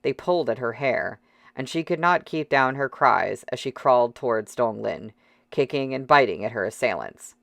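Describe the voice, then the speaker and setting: An audiobook reader narrating a novel in a measured, steady way. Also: mid-range voice, gravelly, dry recording, clean studio sound.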